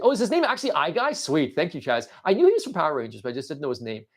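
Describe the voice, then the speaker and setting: A man hosting a livestream, giving excitable, rambling commentary on toy battles and reading chat, with frequent restarts and cheers. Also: fairly high pitch, quick pace, hardly any pauses. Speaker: livestream host.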